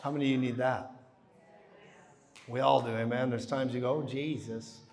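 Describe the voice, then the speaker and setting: A man preaching a live sermon who tells the story with animation, swinging from hushed to booming. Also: little pitch movement, normal speed. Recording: reverberant hall.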